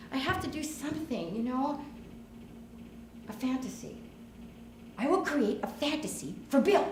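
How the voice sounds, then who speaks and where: A middle-aged woman doing a one-woman stage monologue, brassy and confiding, swinging between loud and soft. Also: sits high. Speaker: solo comedian. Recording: roomy live stage, audible noise.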